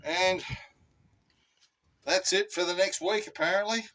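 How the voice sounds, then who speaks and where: A man's voice: sits high, steady tone, measured pace, pushed and bright. A man with an Australian accent hosting a casual home-garden vlog outdoors, chatty and laid-back with plenty of slang. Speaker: channel host. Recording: distant mic with clear background noise.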